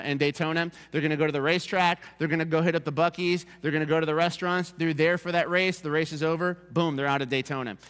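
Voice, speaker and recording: A man preaching a sermon as pastor, in a lively, conversational style that keeps calling for the congregation's attention. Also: a little high. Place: church sanctuary. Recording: long reverb of a church hall.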